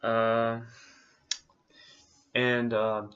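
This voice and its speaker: A man's voice: mid-range voice, monotone, very slow, a bit bright, dull audio. A man co-hosting a casual travel recap, rambling along with many fillers. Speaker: co-host recapping a trip.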